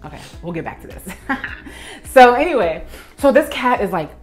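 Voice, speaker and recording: Pitched on the high side and speaking at a normal speed, this young professional organizer narrates an animated story in her vlog as she cleans up, reenacting her past reactions. Faint music plays behind her.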